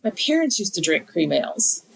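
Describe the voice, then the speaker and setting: A woman's voice: on the low side, big pitch swings, normal speed, creaky, a little hiss or hum, poor audio. A woman co-hosting a podcast in casual chat, tossing in dry, joking asides. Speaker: podcast co-host.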